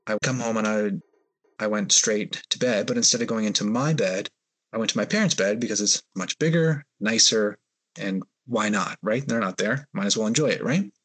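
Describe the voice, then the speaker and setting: A man's voice: on the low side, normal speed, a bit bright. A man, a guest on a podcast, tells a personal story in a hesitant, rambling way with many fillers. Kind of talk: storytelling in an interview.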